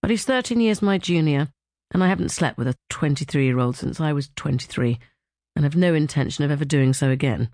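A woman's voice: deep voice, brisk, a little mellow, no echo. Dry, wry woman narrating a novel. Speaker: audiobook narrator. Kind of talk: first-person scripted narration. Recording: dry close studio sound.

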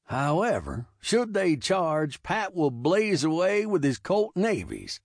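A man voicing a calm, cocky young frontier gunman with a slow, easy drawl. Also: fairly high pitch, no echo, studio quality, heavily acted. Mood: laconic.

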